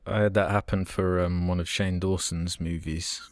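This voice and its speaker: Podcast guy, low voice, dry sound, chill and deadpan. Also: normal speed, dry recording. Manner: relaxed and dry, reads listener questions. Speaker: podcast co-host. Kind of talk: casual chat.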